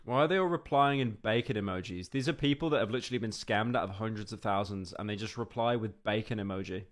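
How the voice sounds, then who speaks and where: A man's voice: fairly low pitch, fast. A man streaming, riffing on a video with loose, sarcastic live reaction commentary.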